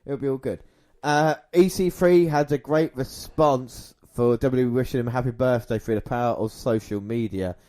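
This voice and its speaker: A man's voice: mid-range voice, normal speed, darkish tone. A man co-hosting a podcast, chatting casually through the news, laughing often and tripping over words now and then. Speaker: podcast co-host.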